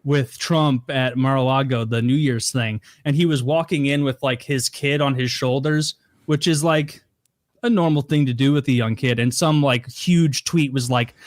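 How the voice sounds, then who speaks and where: A man's voice: mid-range voice, fairly even intonation, moderate pace, no room sound, clean studio sound. A man co-hosting a podcast, rambling and mocking as he chats casually. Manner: rambling, mocking, mimics others in quotes. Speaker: podcast co-host.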